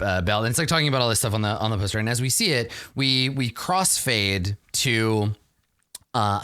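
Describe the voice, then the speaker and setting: A man's voice: mid-range voice, pushed and bright, no room sound, clean studio sound. A man narrating a tabletop game as game master, setting scenes cinematically with many fillers.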